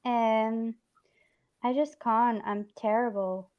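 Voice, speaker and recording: A woman's voice: a little high, fairly even intonation, muffled recording. Stream host, woman, mixed Scottish-English accent, rambling casual chat. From Scotland. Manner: rambling, chatty, quick to laugh.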